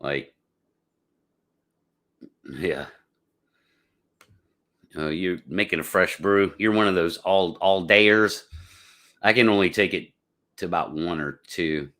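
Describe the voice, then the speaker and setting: A man's voice: low voice, takes it slowly, pauses often, pushed and bright. A man hosting a casual live podcast, chatting with viewers in a rambling, laid-back way with lots of fillers. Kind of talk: casual livestream chat.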